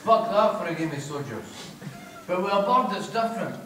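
A man's voice: high-pitched, very animated, a little fast, fairly bright tone, slight background noise. A middle-aged man with a Scottish accent reading his crude comic first-person fiction live on a theatre stage, broad, sweary and wry in dialect. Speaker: author reading aloud. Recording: echoey theatre from a distance.

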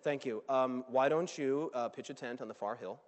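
A formal, businesslike middle-aged father who brushes his son off like a contract matter, as a preacher puts him on. The voice sits low, level and cool. Long hall reverb follows each phrase. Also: normal speed, close to an everyday voice. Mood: dismissive.

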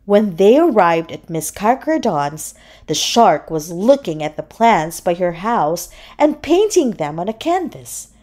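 A woman reading a children's picture book aloud as host, in an expressive storytelling manner. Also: fairly low pitch, a little slow. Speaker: storybook reader. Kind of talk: children's read-aloud narration.

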